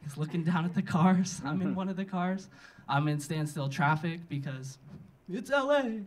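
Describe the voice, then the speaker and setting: A young man doing a stand-up set and hosting, deadpan and self-mocking, then speeding into animated rants. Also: on the high side, normal speed. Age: young adult. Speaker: stand-up comic and host. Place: comedy club stage. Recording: live room with crowd laughter.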